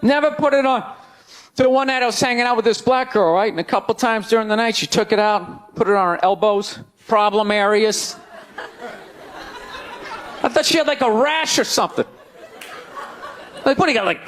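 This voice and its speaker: A male stand-up comedian on a club stage, ranting loudly and incredulously into a handheld mic. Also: very high-pitched, normal speed, pauses often, slight background noise.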